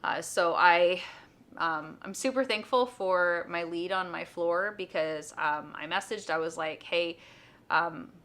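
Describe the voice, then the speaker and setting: Middle-aged woman vlogger, lower pitch, bright tone, casual and chatty with lots of "um" and "you know". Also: unhurried. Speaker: vlogger, homeschooling mom and nurse. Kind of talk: casual personal storytelling.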